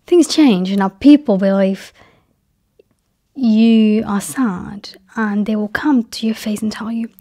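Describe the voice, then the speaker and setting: In a personal monologue for her audience, this mid-range-voiced vlogger keeps things soft. She frequently lapses into a breathy half-whisper and leans slowly and deliberately on key words.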